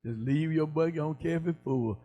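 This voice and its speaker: A man's voice: on the high side, brisk, mellow, dull audio. A man co-hosting a live talk show, giving laid-back, folksy advice in casual chat.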